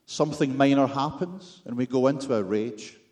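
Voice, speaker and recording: A man's voice: mid-range voice, normal speed, a little mellow. Scottish guy giving a sermon, dry jokes at his own expense, keeps asking the room questions. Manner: wry, self-deprecating humor with rhetorical questions. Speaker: preacher.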